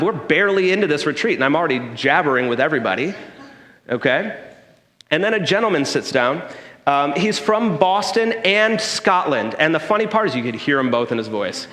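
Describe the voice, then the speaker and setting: A man's voice: fairly high pitch, a bit bright. A man giving a sermon in a church, telling a personal story in a conversational way and checking in with the congregation by asking "okay?". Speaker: pastor. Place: church sanctuary. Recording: long hall reverb.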